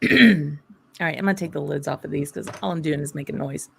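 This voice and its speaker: A woman's voice: sits low, fairly even intonation, fast talker, creaky, slightly rough. A woman with a Southern American accent hosting a casual whisky tasting chat, thinking aloud and laughing often. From southern United States. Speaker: host.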